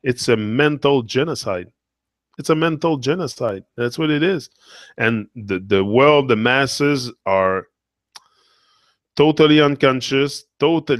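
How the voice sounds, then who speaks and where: A man's voice: medium pitch, no echo. Earnest man in a dry monologue. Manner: earnest, repetitive, emotional. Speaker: motivational speaker. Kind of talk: impassioned monologue.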